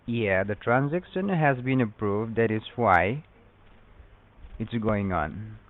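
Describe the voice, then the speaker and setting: A man's voice: on the low side, animated, slow pace. A man acting as a phone support agent, speaking in formal, repetitive stock phrases. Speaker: phone scammer. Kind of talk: scripted support call. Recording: tinny phone line.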